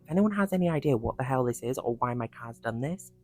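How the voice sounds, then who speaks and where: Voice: mid-range voice, animated, fast talker, darkish tone, soft background music, poor audio. Panicked vlogger, frightened, swearing, whispering in shock, inside a car, phone mic. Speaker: TikTok creator. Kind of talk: frightened vlog to camera.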